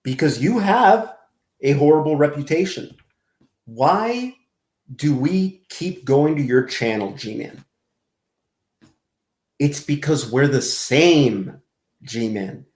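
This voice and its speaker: Sarcastic man, slow and echoey. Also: a little high, expressive, a little mellow. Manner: sarcastic and crude, drawn-out mocking delivery. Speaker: host reacting to a clip. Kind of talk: mocking reaction commentary. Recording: roomy, echoey room.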